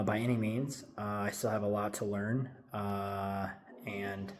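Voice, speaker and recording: Low-voiced man rambling in his garage. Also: darkish tone, slight background noise. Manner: rambling, self-talking, filler-heavy. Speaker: car builder. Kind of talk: casual garage build vlog. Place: home garage.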